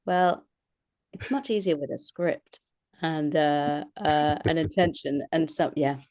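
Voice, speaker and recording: A woman's voice: sits low, takes it slowly, darkish tone. A woman, an actress and voice artist chatting as an interview guest, self-deprecating and laughing often as she talks. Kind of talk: casual interview chat.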